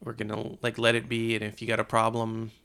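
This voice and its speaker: A man co-hosting a casual film discussion podcast, relaxed and laughing often, quickly acting out lines from the movie. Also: on the low side, smooth. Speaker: podcast co-host.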